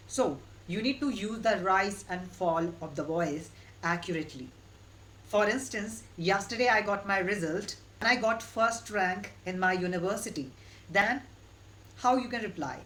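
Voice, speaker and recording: A woman giving an online English lesson in a steady, instructive way, repeating her key points. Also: medium pitch, measured pace, background noise. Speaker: English teacher.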